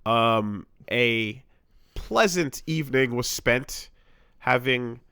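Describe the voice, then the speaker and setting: A man's voice: medium pitch, animated, takes it slowly, bright, forceful tone, clear, resonant tone, no room sound, clean studio sound. Canadian man rambling on a podcast. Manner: rambling, restarts, swears often. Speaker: podcast co-host. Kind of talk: casual chat.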